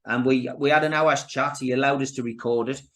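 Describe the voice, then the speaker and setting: A man's voice: medium pitch, fairly even intonation, a little fast, a bit bright. A man with a Geordie accent chatting as a podcast guest, restarting often and calling the host "mate". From North East England. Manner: chatty, frequent restarts and 'you know, mate'. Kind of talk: casual chat.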